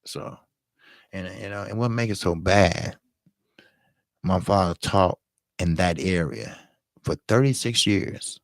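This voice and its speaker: A middle-aged man with a very low, gravelly voice spins a profane street tale in a loose, animated way. He jumps into a high pitch to play his younger self, then sinks back down. The sound is close and dry. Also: takes it slowly, pauses often, dry recording. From Chicago, south side. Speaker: boxing channel host. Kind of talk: casual storytelling monologue.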